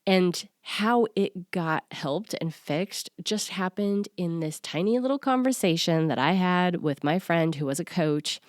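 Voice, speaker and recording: A woman in her forties, a self-worth coach, talking to listeners in an earnest, confiding way with soft laughs. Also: fairly low pitch, expressive, unhurried, hardly any pauses, dry recording, clean studio sound. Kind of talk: personal solo podcast talk.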